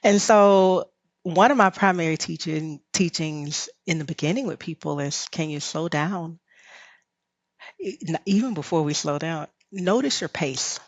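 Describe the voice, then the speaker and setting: Woman, Southern US drawl, podcast guest, guiding, low voice, dry sound. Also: expressive, moderate pace, no room sound. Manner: reflective, guiding, laughs often. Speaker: rest teacher and podcast guest. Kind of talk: podcast conversation.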